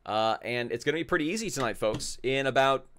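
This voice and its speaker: A man's voice: mid-range voice, expressive, fairly quick, fairly bright tone. A man hosting a live trivia game in a casual, jokey, rambling way, often repeating himself.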